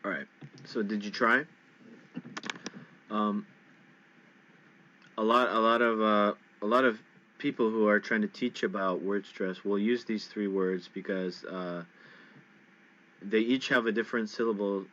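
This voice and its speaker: Low-voiced man teaching English patiently. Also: a bit bright. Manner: patient, repeats words slowly for learners. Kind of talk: casual spoken lesson. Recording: dull lo-fi sound.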